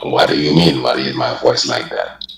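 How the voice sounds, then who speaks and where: A male caller with a very deep, strange-sounding voice, answering curtly and evasively. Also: moderate pace, gravelly, fairly bright tone.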